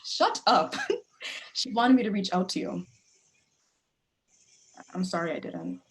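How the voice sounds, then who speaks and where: Over a video call mic, a woman plays a defiant young woman grieving her mother, guarded, blunt, and sharp-tongued but gradually softening. Her mid-range voice is natural, expressive, and unhurried.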